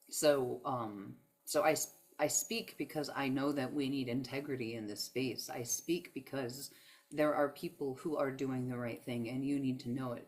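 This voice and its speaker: A woman giving a heartfelt motivational talk on self-love, emphatic and emotional, often saying "y'all". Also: very deep voice. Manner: emphatic, preachy, uses "y'all". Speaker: spiritual self-help speaker.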